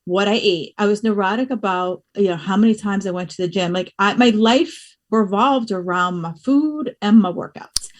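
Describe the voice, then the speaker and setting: A woman from the US East Coast, a guest on a podcast, telling stories in an animated, expressive way and laughing as she talks. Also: medium pitch, moderate pace, hardly any pauses. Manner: animated storyteller, expressive, laughs while talking. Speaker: podcast guest, fitness business owner. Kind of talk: casual conversational interview.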